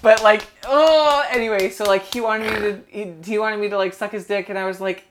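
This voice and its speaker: A man's voice: high-pitched, fast talker, slight background noise. A young man chatting casually, telling a story full of "like" and acted-out quotes. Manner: animated storyteller, heavy filler "like", acts out quotes. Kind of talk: casual chat.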